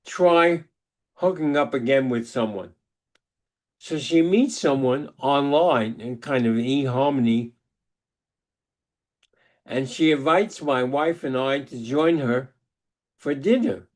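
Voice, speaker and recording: An older man giving a webinar lecture that mixes research points with personal storytelling, talking deliberately with frequent restarts. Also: medium pitch, darkish tone. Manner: deliberate, halting delivery with many restarts. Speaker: psychologist giving a webinar talk. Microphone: video call microphone.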